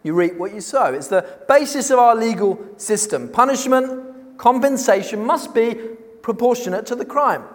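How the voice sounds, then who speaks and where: High-voiced preacher, echoing hall. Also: male voice, expressive. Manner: emphatic, rhetorical questions, slows down on key words. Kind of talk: sermon. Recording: long reverb of a large hall.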